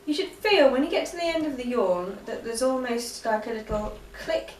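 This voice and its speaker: A woman teaching vocal exercises in a relaxed, chatty way, with frequent ums. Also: on the high side, fairly quick, slight background noise. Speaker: singing teacher. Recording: echoey room, voice a bit far from mic.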